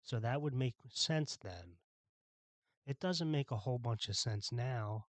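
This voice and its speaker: A man's voice: mid-range voice, expressive, a little slow, dry recording. A man from Philadelphia hosting a podcast, delivering a blunt, irritated monologue with some swearing. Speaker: podcast host. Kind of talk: ranting monologue.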